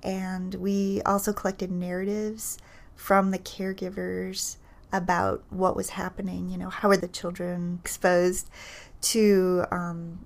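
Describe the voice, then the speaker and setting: A woman who is a child psychologist, explaining research findings in a thoughtful, measured way, with fillers and restarts. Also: on the low side, little pitch movement, gravelly.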